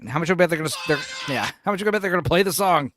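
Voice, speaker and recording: A man in his forties hosting a podcast in casual chat, laughing, swearing and doing animated impressions. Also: on the high side, very fast, noisy background. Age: 40s. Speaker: podcast host.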